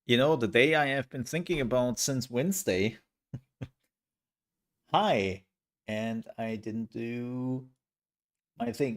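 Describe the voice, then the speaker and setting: A young man chats casually with his livestream viewers, rambling with plenty of fillers and laughter. His medium-pitched voice moves slowly and pauses often. He's a streamer from outside the US, from a country with universal healthcare.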